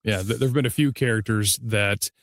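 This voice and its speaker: Measured man hosting an interview. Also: fairly low pitch, no echo, clean studio sound. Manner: brief agreeing replies, measured. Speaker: podcast host, audiobook narrator. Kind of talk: casual interview chat.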